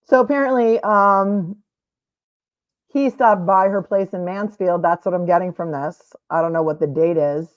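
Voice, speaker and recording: A woman's voice: fairly low pitch, moderate pace, muffled recording. A woman streaming live commentary on a court trial, with sarcastic, skeptical asides.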